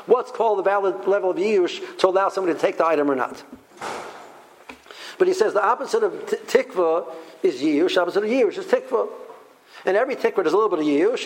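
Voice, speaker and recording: A man teaching a Torah class in an animated way, full of rhetorical questions and restarts. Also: high voice, rough recording.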